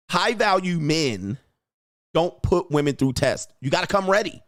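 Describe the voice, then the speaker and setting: A man hosting a livestream, talking bluntly and crudely in a lecturing way and acting out quoted women in a higher voice. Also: very animated, a little slow, no echo, clean studio sound. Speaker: host. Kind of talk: livestream commentary.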